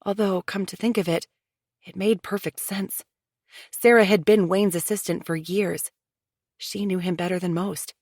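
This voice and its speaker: A woman narrates a mystery audiobook from a script in a measured, even storytelling manner. Her voice is medium-pitched, and the recording is dry and studio quality.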